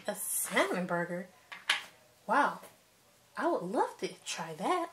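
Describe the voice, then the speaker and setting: A woman's voice: medium pitch, sing-song, takes it slowly, background noise, voice pushed down. A woman voicing a sulky, jealous male doll boyfriend in a toy play video, whining and complaining. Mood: whiny.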